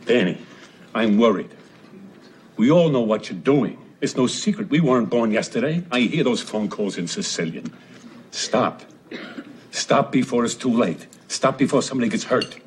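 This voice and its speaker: A man's voice: medium pitch, expressive, moderate pace, close to an everyday voice. An actor playing a fussy, anxious stepfather in a sitcom, who rambles and backtracks. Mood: worried. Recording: noisy old sitcom recording.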